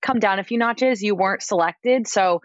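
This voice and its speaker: A woman's voice: medium pitch, normal speed, no echo, highs cut off. A woman guest on a podcast in casual chat, talking loosely with frequent "like" fillers. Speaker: podcast guest, entertainment editor.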